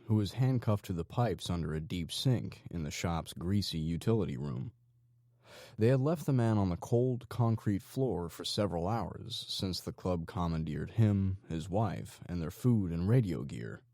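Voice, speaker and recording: A man narrating an audiobook in an expressive, storytelling way. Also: deep voice, unhurried, gravelly, dry recording, studio quality. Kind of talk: scripted narration.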